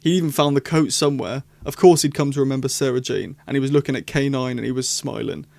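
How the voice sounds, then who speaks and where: Excitable man, rambling vlog chat. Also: mid-range voice, fast, creaky, dry recording. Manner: excitable, rambling, animated reactions. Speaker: YouTuber. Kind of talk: casual commentary vlog.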